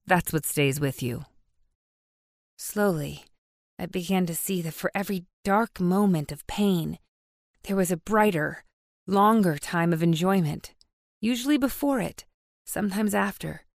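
A woman's voice: lowish voice, unhurried, creaky. A woman narrating an audiobook in the first person with emotive, intense storytelling, recorded on a close studio mic. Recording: dry, no room echo.

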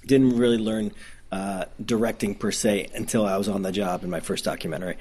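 A man with a Midwestern accent talks about making documentaries in a relaxed interview. His voice sits on the low side, and he rambles eagerly, circling back and restarting his sentences. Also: a little fast, breathy edge. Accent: Midwestern American. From Detroit, Michigan. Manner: enthusiastic, rambling, frequent restarts and laughs. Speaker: documentary filmmaker. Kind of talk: casual interview conversation.

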